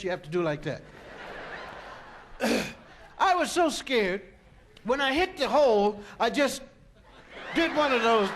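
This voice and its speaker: A man from Philadelphia telling a long comic story on stage, in a chatty, animated way full of "you know" and "man". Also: very high-pitched, slight background noise. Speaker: comedian. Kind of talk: stand-up storytelling.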